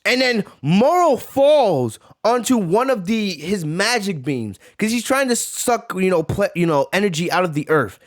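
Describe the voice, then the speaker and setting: Excitable high-voiced man reacting. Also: unhurried, hardly any pauses. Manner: excitable, slangy. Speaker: reaction video host. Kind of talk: live reaction commentary.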